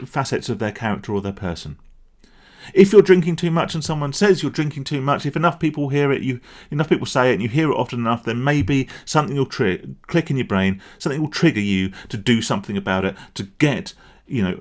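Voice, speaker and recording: A middle-aged man, ranting bluntly in a vlog and swearing as he makes his point. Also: on the high side. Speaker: vlogger.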